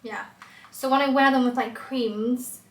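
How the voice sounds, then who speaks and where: A woman's voice: high-pitched, fairly even intonation, a little slow, echoey room, rough recording. A young woman in casual chat to camera, rambling with lots of "like", filming herself on a phone outdoors on a walk. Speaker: lifestyle vlogger.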